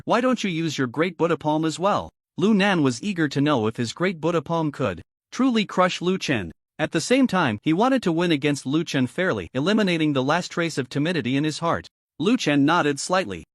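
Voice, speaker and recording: A man narrating a fantasy novel story in a scripted, animated storytelling manner. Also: on the high side, no room sound, studio quality.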